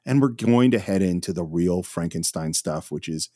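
Animated man recapping a film. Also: low voice, moderate pace, no echo, clean studio sound. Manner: chatty, enthusiastic storytelling. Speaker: podcast host. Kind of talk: casual film discussion.

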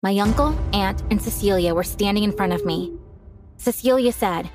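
A woman reads a first-person story aloud with a calm, earnest delivery. Her voice sits at an ordinary mid pitch, steady and clear for a storybook narration. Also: normal speed, music in the background.

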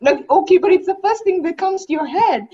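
A woman hosting a casual podcast chat, animated and playfully teasing her guests. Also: extremely high pitch, fairly quick. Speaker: podcast host. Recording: muffled lo-fi audio.

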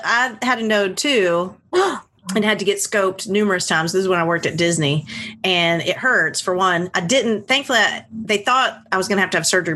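Bright, expressive woman on a podcast. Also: fairly low pitch, a little hiss or hum. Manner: expressive, quick reactions with gasps. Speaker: comedian guest. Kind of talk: casual comedic chat.

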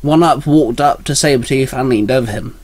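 A man narrating a fan-written action story in a plain, even reading voice. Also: medium pitch, fairly quick, dry recording.

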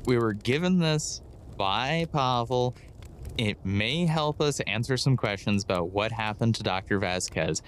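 A man's voice: medium pitch, animated, unhurried, a little hiss or hum. A man playing in a tabletop game, steadily steering the group back to the task at hand. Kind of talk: casual role-play chat.

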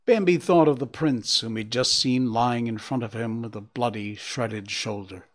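A man narrating a storybook in an expressive, measured way. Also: medium pitch.

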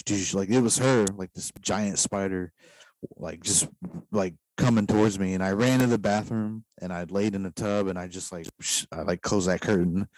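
A man with a fairly low voice tells a story in a loose, rambling way, leaning on "like" every few words. The sound is dry and close, with no room echo. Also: a little mellow. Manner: rambling, heavy use of "like" fillers. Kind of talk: casual storytelling.

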